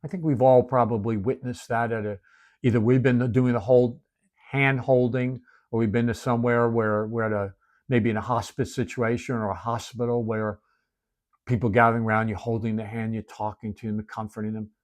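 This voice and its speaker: A male preacher giving a sermon, telling a story with animated swings between emphatic and hushed delivery. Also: mid-range voice, brisk.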